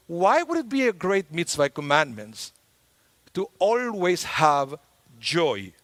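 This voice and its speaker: A man giving a sermon as a rabbi, talking in a conversational, lively way with playful humor. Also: a little high, slow. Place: synagogue sanctuary. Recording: long hall reverb in a large sanctuary.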